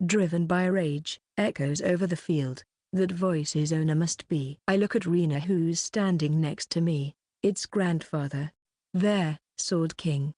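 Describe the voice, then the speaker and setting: A female audiobook narrator reads a scripted audiobook in a steady, measured way. Her voice is lowish, and the studio-quality recording has no echo.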